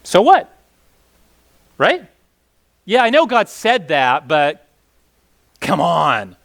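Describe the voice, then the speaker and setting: A man's voice: high-pitched, huge pitch swings, drawn-out words, creaky, a bit bright. A man leading a casual Bible teaching session, talking conversationally with many fillers and asking the group questions.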